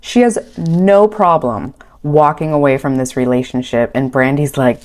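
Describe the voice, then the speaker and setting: A woman's voice: deep voice, normal speed, darkish tone. A woman casually recapping a reality show, chatty and wry, with a home mic. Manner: chatty, wry, quotes people in bouncy voices. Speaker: recap commentator. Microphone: home recording mic.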